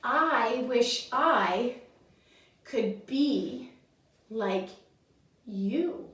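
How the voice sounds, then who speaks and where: A woman voicing a wistful male chameleon who wishes he were other animals, speaking slowly and softly. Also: a little high, expressive, full character voice. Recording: echoey room, voice from far off.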